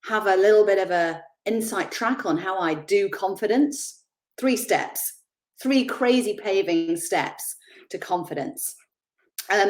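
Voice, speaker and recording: A middle-aged woman giving a chatty, animated motivational talk on confidence, laughing at herself as she goes. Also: on the low side. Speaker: confidence speaker.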